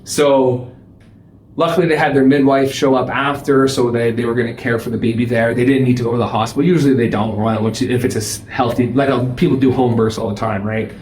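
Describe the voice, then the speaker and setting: Young man, casual animated storyteller, mid-range voice, roomy echo. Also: medium pitch, fast, slight background noise. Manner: animated, laughing, swears freely. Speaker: paramedic guest.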